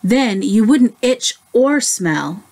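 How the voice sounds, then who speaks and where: A woman's voice: a little high, lively intonation, takes it slowly, a little mellow, full character voice. A woman voicing a kindly but insistent female bear in a children's story, in a sing-song way.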